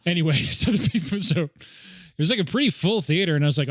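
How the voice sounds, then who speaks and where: A man's voice: a little high, a little fast, no room sound, studio quality. A man chatting on a podcast, telling a rambling, joking story full of ums and likes. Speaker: podcast co-host. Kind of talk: casual chat.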